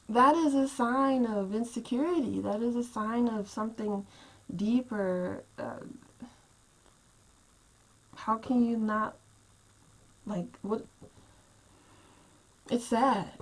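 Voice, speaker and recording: Woman vlogger, casual and exasperated; animated rant, voices others in sudden high bursts, talks straight to a home camera. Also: slow pace, long pauses, poor audio. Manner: animated, exasperated, acts out quotes with big pitch jumps.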